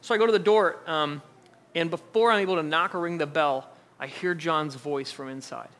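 A man's voice: fairly high pitch, normal speed, a bit bright. A man preaching a sermon, telling a personal family story in a conversational way and acting out what others said. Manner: conversational storytelling, acts out quoted voices. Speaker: pastor.

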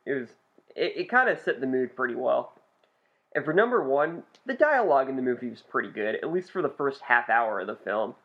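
A man's voice: medium pitch, big pitch swings, fairly quick. A young man co-hosting a podcast, chatting casually in a laid-back, dry and sarcastic way. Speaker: podcast co-host. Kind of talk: casual chat. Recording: dull lo-fi podcast recording.

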